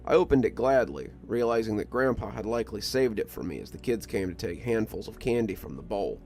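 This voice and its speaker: Calm male story narrator. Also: fairly low pitch, fairly quick. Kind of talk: scripted horror story narration. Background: soft music.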